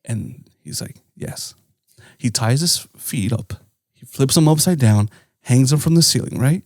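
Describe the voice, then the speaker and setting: A man co-hosts a podcast in an indoor studio, casually retelling a story in a rambling way, swearing a lot and tagging lines with "right?" His mid-range voice is expressive and a little mellow, at a moderate pace, in a dry, clean studio recording.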